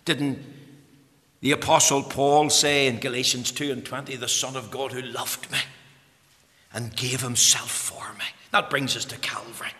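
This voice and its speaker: A man's voice: medium pitch, steady tone, measured pace, sharp tone. A man preaching a sermon with fervor, swelling to emphatic peaks when quoting scripture and often repeating words as he starts a phrase. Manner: fervent, rising to emphatic peaks on scripture quotes. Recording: long hall reverb.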